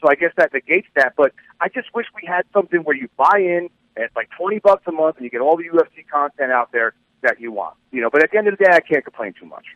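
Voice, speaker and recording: A man's voice: a little high, expressive, fast talker, dry recording, muffled recording. A man co-hosting a radio talk show, giving easygoing, wry opinions on the topics in play.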